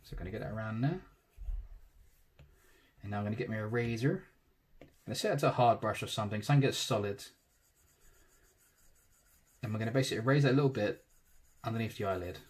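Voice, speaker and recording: A man, casually talking through a digital tattoo drawing in real time, thinking aloud and trailing off softly. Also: on the low side, lively intonation, quick pace, pauses often, breathy edge.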